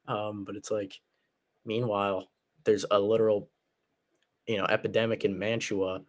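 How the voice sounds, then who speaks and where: A man's voice: on the low side, little pitch movement, moderate pace, pauses often. A teenage boy casually ranking books he has read, sarcastic and rambling, with lots of fillers. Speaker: book reviewer. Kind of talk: casual vlog chat.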